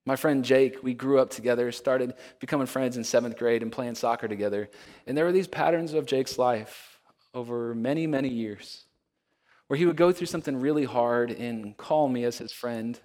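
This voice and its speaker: A male pastor preaching a sermon in an earnest storytelling way, now and then dropping to a hush for emphasis. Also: medium pitch, moderate pace. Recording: long hall reverb.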